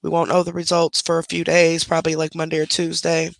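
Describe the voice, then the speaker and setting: A woman's voice: sits low, completely flat delivery, brisk, gravelly, no room sound. A middle-aged woman chatting casually on a home live stream, talking to her viewers and breaking off to scold her dog. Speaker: livestream host. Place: at home, indoors. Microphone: desk microphone close up.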